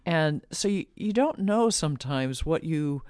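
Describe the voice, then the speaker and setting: A woman's voice: sits low, expressive, unhurried, a little mellow, no room sound, studio quality. A middle-aged woman, a guest author and shamanic practitioner, talking earnestly in a casual interview, laughing often and acting out quotes.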